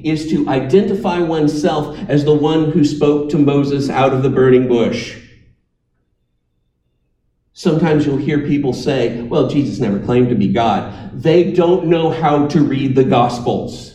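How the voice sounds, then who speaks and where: A man preaching a sermon with emphatic, dramatic pauses, now and then inviting listeners to repeat after him. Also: on the high side, mellow, roomy sound, recorded from a distance, low-quality recording.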